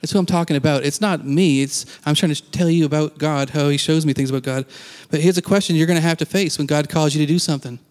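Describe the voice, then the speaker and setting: A man's voice: on the high side, fairly even intonation, quick pace, hardly any pauses, a little mellow. Man preaching in a reverberant hall. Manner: conversational, acts out quoted lines, laughs now and then. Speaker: pastor. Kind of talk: casual sermon.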